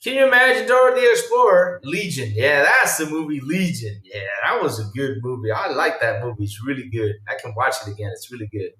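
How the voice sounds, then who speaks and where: A male podcast host chatting casually on a livestream and reacting to viewer comments, excitable and rambling, swinging between low mumbles and loud outbursts. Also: a little fast, few pauses. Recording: roomy sound from a distant mic.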